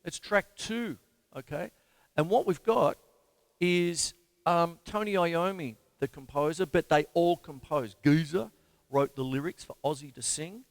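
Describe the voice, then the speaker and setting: An Australian man hosts a live drum lesson as teacher and show host, rambling enthusiastically while scatting drum patterns and counting beats out loud. His voice is a little high, at a measured pace, with no room sound.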